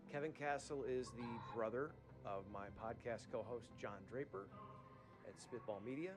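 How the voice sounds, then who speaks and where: Guy rambling on his podcast, voice going a bit hoarse, music playing behind. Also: mid-range voice. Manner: rambling, chatty, with restarts and asides. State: losing his voice. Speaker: podcast host. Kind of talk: casual podcast monologue.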